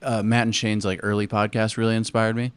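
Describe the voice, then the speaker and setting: A man's voice: lowish voice, flat delivery, a little fast, smooth, dry recording. Male podcast co-host, crude jokey banter, dry close sound. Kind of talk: casual podcast chat.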